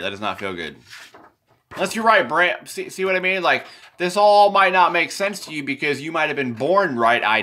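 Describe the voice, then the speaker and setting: A man rambling through an unscripted explanation of his drawings, repeating and correcting himself as he goes, often sinking low and quiet at the ends of phrases. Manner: meandering, repetitive, self-correcting.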